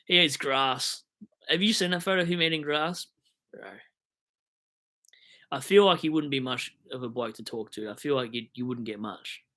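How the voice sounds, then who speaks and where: A man's voice: medium pitch, moderate pace, long pauses, bright, forceful tone. A young Australian man hosting a fantasy football live stream, rambling and joking as he answers chat comments, with hiccups.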